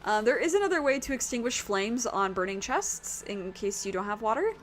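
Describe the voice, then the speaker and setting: A woman with a rough, worn throat, chatting casually with her viewers while streaming a video game, rambling and swearing now and then. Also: a little high, expressive, fairly quick, slight background noise.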